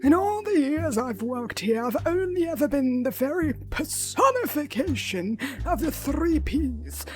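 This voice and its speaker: A stiff and haughty old manservant, voiced by a woman streamer in a mystery game, slow and deliberate with every word. The voice sits fairly high and swoops widely as he takes offense. Faint music plays underneath. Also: very animated. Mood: indignant. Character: prim, easily offended old male butler.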